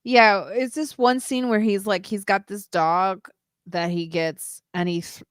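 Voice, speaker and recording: A woman co-hosting a podcast, chatting casually and telling stories with lots of laughter. Her voice sits at an ordinary middle pitch. The sound is close and dry, with no room around it. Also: a little slow, smooth, no echo. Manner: animated storyteller, laughs often. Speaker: podcast co-host.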